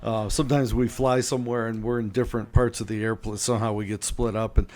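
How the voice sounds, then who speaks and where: An American man, a guest author on a podcast, telling personal stories in a lively, self-deprecating way. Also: on the low side, fast. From United States. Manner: animated anecdotes, self-deprecating humor. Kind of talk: conversational storytelling.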